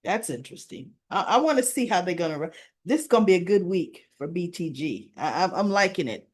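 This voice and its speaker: A woman's voice: fairly low pitch, big pitch swings, fairly quick. A woman recapping a soap opera episode in a casual, chatty way, retelling scenes and adding her own asides.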